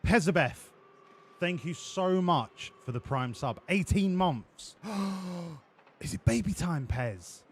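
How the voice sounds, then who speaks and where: A man streaming a racing game live, bantering with his chat in a profane, excitable way. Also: high voice, slow pace, breathy edge.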